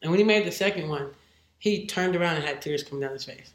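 A woman's voice: deep voice, fast talker, roomy sound. A woman who is a football head coach, a guest telling stories in casual conversation and acting out what others said. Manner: animated, acts out what others said. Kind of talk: casual interview storytelling.

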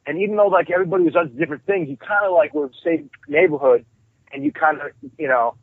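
Man with a husky voice on a tinny phone line. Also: fairly high pitch, fast talker, no room sound. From New York. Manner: profane, rambling, animated storyteller. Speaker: guest musician. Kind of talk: casual storytelling interview.

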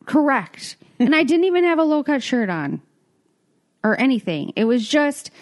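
Young woman podcast co-host, high and very expressive voice, animated storyteller who acts out quotes. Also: normal speed. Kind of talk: casual storytelling chat.

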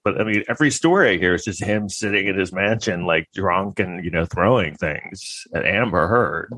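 A man's voice: on the low side, fairly quick, hardly any pauses, a bit bright, dry recording. A man delivering a rambling, crude, sarcastic comedic monologue.

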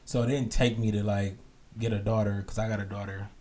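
Low-voiced man in casual podcast chat. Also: level tone, fairly quick, dark tone. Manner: casual, hesitant, lots of filler "like". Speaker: podcast co-host.

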